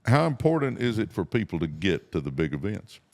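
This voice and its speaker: Deep gravelly man, easygoing chat. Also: very animated, brisk, darkish tone, no echo. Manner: easygoing, laughs often. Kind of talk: casual chat. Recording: dry close mic.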